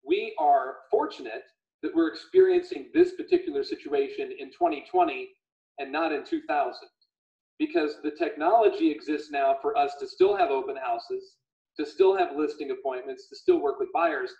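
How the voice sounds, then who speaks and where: An animated man hosting a casual call, his fairly high voice gravelly and swinging widely in pitch. He retells stories with quoted voices, heard in an echoey room over dull, lo-fi audio. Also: moderate pace. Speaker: livestream host. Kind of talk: casual video call chat.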